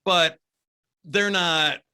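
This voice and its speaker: A man being interviewed as a guest, a DJ telling stories in an animated, chatty way with frequent laughs. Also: fairly high pitch, drawn-out words, clear, resonant tone. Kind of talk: casual storytelling interview.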